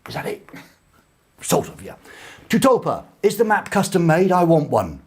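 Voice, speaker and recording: A man's voice: high-pitched, very animated, normal speed, husky. A man hosting a casual live show from a small studio, reading out viewer comments with cheeky, rambling jokes. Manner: jokey, rambling, cheeky asides.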